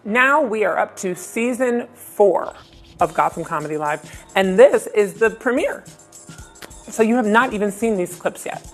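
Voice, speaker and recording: A woman's voice: mid-range voice, animated, measured pace, faint music behind. A woman hosting a comedy showcase, joking and self-mocking between clips. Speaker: show host.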